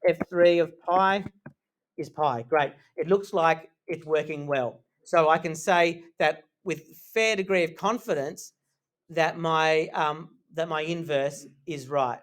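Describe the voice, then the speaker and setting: A male maths teacher gives a live lesson to his class. His voice sits a little high, and he keeps things casual and joking. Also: slow pace, fairly bright tone.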